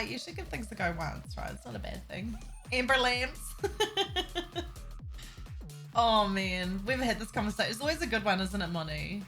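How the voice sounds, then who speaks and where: A woman's voice: medium pitch, a bit bright, poor audio. A young woman from New Zealand with a slightly Americanized Kiwi accent, chatting casually and giggling with her chat while livestreaming a game. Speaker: streamer. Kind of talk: casual live-stream chat while playing.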